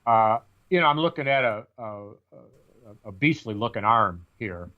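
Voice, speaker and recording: A man's voice: on the low side, animated, normal speed, narrow, tinny audio. A man co-hosting a podcast, telling self-mocking stories in a casual, wry way. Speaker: podcast co-host. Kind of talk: casual chat.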